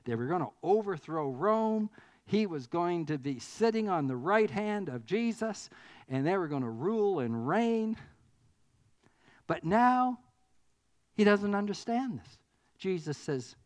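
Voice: mid-range voice, big pitch swings, a little slow, a little mellow. A preacher delivering an earnest sermon, building up to emphatic declarations.

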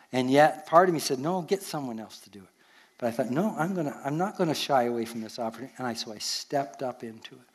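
An older man with a Canadian accent, a pastor preaching a sermon and telling stories from his life in an earnest way, chuckling at himself now and then. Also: mid-range voice.

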